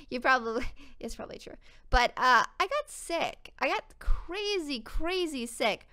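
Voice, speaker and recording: A woman's voice: high-pitched, animated, a little slow, bright, forceful tone, clean tone. A young woman playing a video game and chatting in a bubbly, easily distracted way to her viewers. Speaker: gaming YouTuber. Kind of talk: casual let's-play chat.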